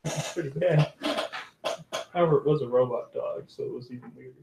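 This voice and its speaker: A man's voice: medium pitch, a little fast. A man playing a tabletop game, chatting in a playful, rambling, laughing way. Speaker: player. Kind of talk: casual tabletop game chat. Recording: echoey room with noise.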